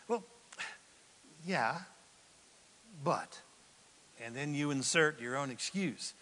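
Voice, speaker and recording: A man preaching a sermon as pastor, swinging dramatically from hushed, almost whispered asides to loud, emphatic declarations. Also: medium pitch, lively intonation, slow pace, pauses often, slight background noise. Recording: long reverb of a large hall.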